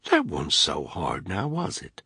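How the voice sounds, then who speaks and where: A man reading an audiobook, voicing a ruthless male soldier who interrogates a captive with quiet, mocking menace. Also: low-pitched, wildly swooping pitch, unhurried, creaky, breathy edge, no room sound, clean studio sound, heavily acted.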